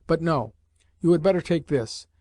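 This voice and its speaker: A man's voice: on the high side, normal speed, darkish tone, no room sound, close to an everyday voice. A man reading an audiobook voices a stern, condescending older male professor who speaks with clipped intonation and a scolding, dismissive manner. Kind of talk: audiobook character voice.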